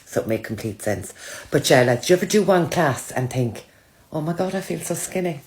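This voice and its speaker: Woman, low-pitched, casual chat to followers, self-mocking storyteller. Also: animated, brisk, a little mellow. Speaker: social media creator.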